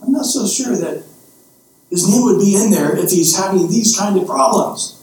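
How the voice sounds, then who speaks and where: A man's voice: high voice, expressive, normal speed, a little mellow. A man voicing a weary, sarcastic male God on a throne, exasperated and stammering, heard in a very echoey room from a distant mic. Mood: deflated.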